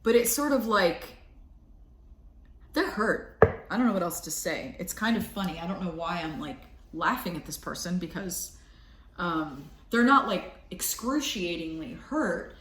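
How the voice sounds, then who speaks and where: A woman's voice: fairly low pitch, animated, measured pace, a bit bright, a little hiss or hum. A middle-aged woman giving a casual tarot reading, meandering and chatty, trailing off and starting over. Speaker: tarot reader. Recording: echoey room.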